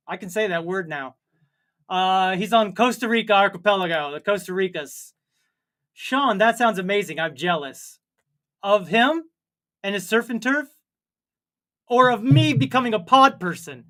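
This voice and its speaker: A man's voice: high voice, sharp tone. Rambling jokey man reading chat. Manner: rambling, jokey and self-mocking. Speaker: co-host of a comedy livestream. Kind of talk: casual chat reading viewer comments.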